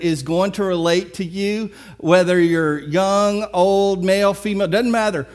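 A man preaching a sermon, retelling a story with lively, acted-out dialogue. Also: sits high. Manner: animated storytelling, acts out characters. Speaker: pastor.

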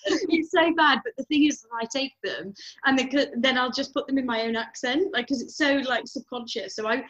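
A woman's voice: high voice, moderate pace, a bit bright, lo-fi sound. A woman in her twenties hosting a podcast, chatting casually and telling a story with lots of giggling. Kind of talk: casual chat.

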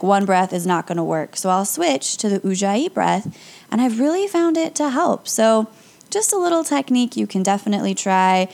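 A young woman, a yoga instructor and podcast host, talks listeners through calm breathing exercises in a casual, encouraging way. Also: mid-range voice, gravelly. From Las Vegas area. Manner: calm, upbeat and encouraging, with light laughs.

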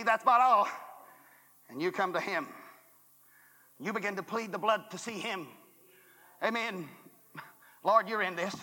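High, bright-voiced shouting revival preacher. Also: male voice. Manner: booming, shouting climaxes, dropping to hushed asides. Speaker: former church superintendent. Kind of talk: fiery revival sermon. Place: college chapel revival service. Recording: echoey hall, 1980s revival recording.

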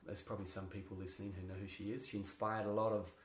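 A man with a fairly low voice chats as an interview guest, telling animated stories and laughing often. He keeps restarting his sentences. The room adds a roomy echo. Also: very fast, slight background noise. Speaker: interview guest, drama teacher. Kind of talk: casual interview chat.

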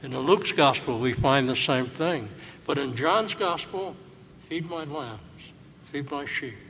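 A man with a middle-range, slightly high voice and fairly bright tone preaches a sermon to his congregation at an unhurried pace. Long church reverb carries his words over faint room ambience and a little hiss or hum. Reflective and earnest, he leans on rhetorical questions.

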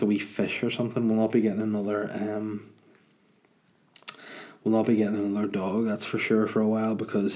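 Low-voiced man, rambling and sweary. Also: dark tone. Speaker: podcast host and stand-up comedian. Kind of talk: casual solo podcast chat.

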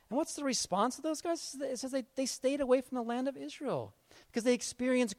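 A male pastor preaching a casual sermon, retelling a Bible story and acting out its figures in quick conversational asides. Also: very high voice, darkish tone.

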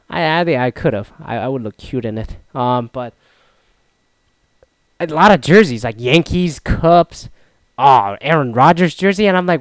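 A young man casually recounting a solo trip, rambling and swearing, with loud mock-outraged outbursts. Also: mid-range voice, very animated, normal speed, clean tone, no echo. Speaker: vlogger recapping a solo trip. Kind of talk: casual profane storytelling.

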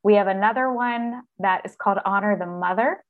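A woman talks as an interview guest, earnest and expressive, and now and then she acts out inner voices. She speaks at an everyday middle pitch. She sounds like an experienced coach explaining her ideas. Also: brisk, phone-quality sound. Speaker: author and executive coach, podcast guest. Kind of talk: conversational interview.

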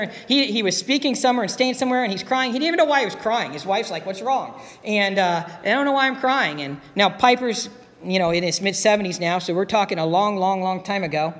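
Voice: medium pitch, a bit bright. A pastor preaching a sermon in an earnest, conversational way, repeating key phrases. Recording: long reverb of a hall.

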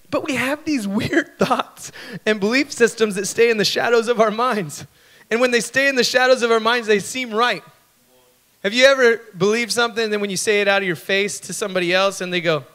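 High-voiced man preaching a sermon. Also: sharp tone. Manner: storytelling with acted-out voices and laughs; conversational, asks the audience questions. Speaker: pastor.

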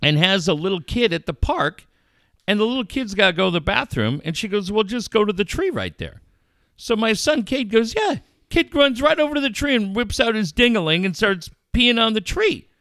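A middle-aged man telling a story in casual chat, animated and crude. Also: sits high, a little fast, no room sound, studio quality.

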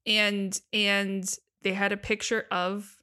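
A woman co-hosting a podcast, chatting eagerly with quick asides. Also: medium pitch, level tone, sharp tone, smooth. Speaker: podcast co-host. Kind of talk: casual chat.

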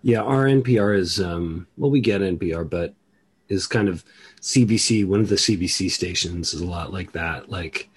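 A man hosting a podcast in a casual, rambling chat, keeping his voice down and trailing off quietly. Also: low-pitched, normal speed, husky. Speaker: podcast host. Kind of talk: casual conversation.

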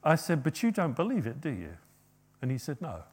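A man preaching a sermon, rising to loud, emphatic quoted passages and dropping to quiet asides. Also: a little high, huge pitch swings, brisk, breathy edge.

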